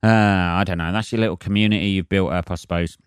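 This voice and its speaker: A man's voice: low-pitched, steady tone, fast, smooth, dry recording, clean studio sound. Sweary sarcastic man ranting solo. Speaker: podcast host. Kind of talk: solo comedic rant.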